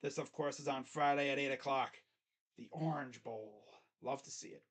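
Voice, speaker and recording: A man's voice: mid-range voice, normal speed, a bit bright. A man hosting his own channel, giving casual sports predictions in a rambling, self-correcting way. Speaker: host. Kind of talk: casual sports picks commentary.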